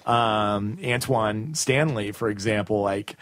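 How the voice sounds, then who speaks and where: A man's voice: on the low side, slow, a bit bright, no room sound. Male podcast host, casual and rambling, lots of ums, dry close sound. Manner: rambling, hesitant, many fillers. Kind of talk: casual chat.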